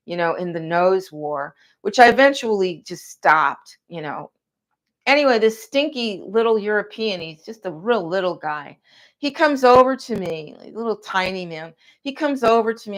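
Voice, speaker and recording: A woman's voice: mid-range voice, moderate pace. Aggrieved woman telling a rambling story. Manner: aggrieved and animated, acting out quotes. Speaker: vlogger. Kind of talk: rambling personal storytelling monologue. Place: outdoors.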